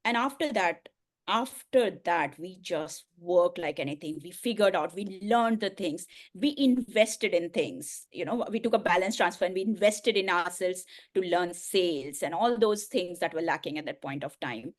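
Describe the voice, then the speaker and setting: A middle-aged woman, a coach and speaker, telling a personal story in an interview, earnest and emotional with soft laughs. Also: on the low side, normal speed, few pauses.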